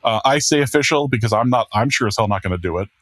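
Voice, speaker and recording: A man's voice: mid-range voice, expressive, fast talker, a bit bright. A man hosting a casual podcast, self-deprecating and rambling with restarts. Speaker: podcast host and producer. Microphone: podcast microphone.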